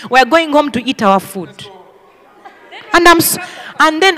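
Woman preacher, high and animated, emphatic teaching style, booming reverb of a hall. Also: normal speed, long pauses. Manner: emphatic, acts out children's voices. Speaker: ministry school teacher.

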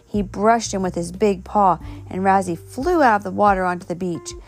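A woman's voice: medium pitch, normal speed, faint music behind. Woman reading a children's book aloud. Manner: unpolished reading with slips and self-corrections. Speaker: reader.

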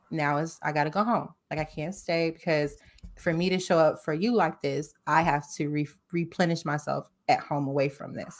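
Woman on a group chat podcast, kinda low voice, telling her own stories open and animated. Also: fairly quick. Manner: candid, animated personal storytelling.

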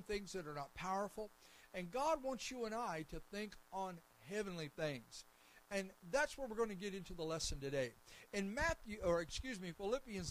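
A preacher with a high, light voice delivers his sermon. He moves from easy talk to loud, emphatic declarations. A man with a fervent pulpit delivery. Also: dry recording, low-quality recording. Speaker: pastor.

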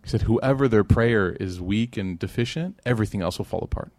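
A man's voice: on the low side, brisk, no echo. A man giving a religious lecture to a live audience, conversational and joking, acting out the people in his stories. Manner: conversational and joking, with animated quoted voices.

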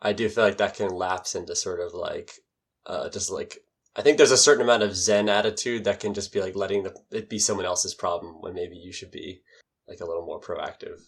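Low-voiced rambling male podcast co-host. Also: fairly even intonation, fairly quick, slightly rough. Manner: rambling, lots of "like" fillers, teasing. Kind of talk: casual chat.

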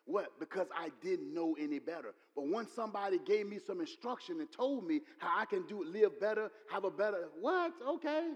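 A man preaching a sermon, repeating his points and building to loud exclamations. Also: high-pitched, expressive, fairly quick, few pauses, lo-fi sound. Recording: long hall reverb.

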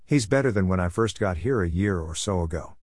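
A man voicing a calm, controlled, authoritative house manager in a story reading. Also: low-pitched, fairly quick, no echo, studio quality. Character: calm, commanding adult male house manager.

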